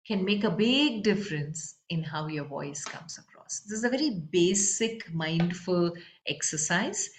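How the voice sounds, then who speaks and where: A woman, a leadership and voice coach explaining breathing and chanting in a calm, instructive way during an interview. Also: medium pitch. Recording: roomy with faint background noise.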